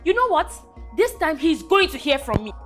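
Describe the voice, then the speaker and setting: A fiercely protective Nigerian woman with a high, swooping voice, cutting and sarcastic. She talks down a bully with open scorn. Film score hums faintly behind her. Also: sing-song, moderate pace, soft background music. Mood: indignant. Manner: confrontational, sarcastic, sharp. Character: bold, fiercely protective young woman friend. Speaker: protective friend confronting an abusive husband. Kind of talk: film acting.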